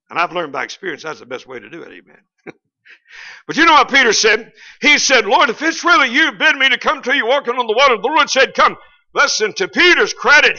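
A man preaching a sermon, dropping to low murmurs and then rising to loud, emphatic points, chuckling between them. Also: muffled recording.

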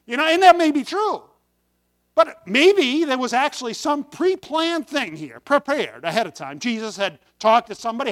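A man's voice: very high voice, big pitch swings, normal speed, a bit bright. A man preaching a folksy sermon to his congregation, with sudden emphatic bursts on key words. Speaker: pastor.

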